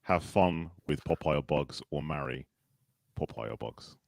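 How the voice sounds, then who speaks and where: A man hosting a casual live stream, joking and chatting fast with a guest. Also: a bass voice, gravelly, darkish tone, no room sound. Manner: joking, quick, laughs often. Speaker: show host.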